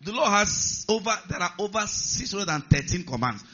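A man's voice: high voice, very animated, normal speed, pushed and bright. A male pastor preaching a sermon, stressing key words and putting questions to the congregation. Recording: slightly muffled recording.

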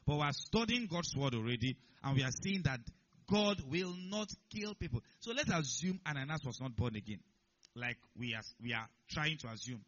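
A man preaching a sermon, firing rhetorical questions at his listeners and building to loud, emphatic declarations. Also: medium pitch, animated, normal speed, muffled recording.

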